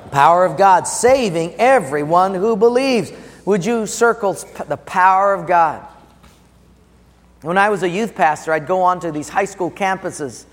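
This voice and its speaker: A middle-aged man preaching a sermon, animated and conversational, acting out the voices he quotes. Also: high-pitched, in a large hall. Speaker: pastor.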